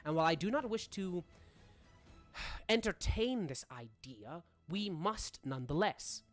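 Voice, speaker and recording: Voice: medium pitch, expressive, measured pace, soft background music, close to an everyday voice. Game master doing a stiff, formal manor official. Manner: formal, long-winded.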